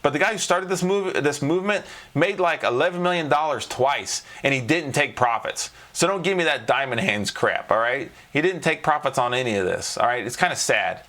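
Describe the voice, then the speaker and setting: A man hosting a live trading show, walking viewers through price charts in an animated, emphatic way and often checking in with "all right?". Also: mid-range voice, fairly quick, few pauses. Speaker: trading coach and show host.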